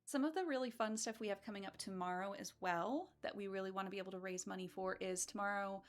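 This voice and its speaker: A woman with a mid-range voice speaks fast as host of a charity speedrun marathon stream. Her casual chat is playful and bubbly, with giggles coming often.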